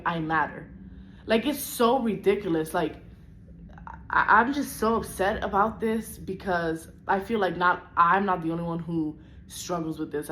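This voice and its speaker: A woman's voice: lowish voice, fairly bright tone, a little hiss or hum. A young woman vlogging a frustrated personal rant, upset and close to tears, with lots of "like" in her talk. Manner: frustrated, venting, heavy use of "like".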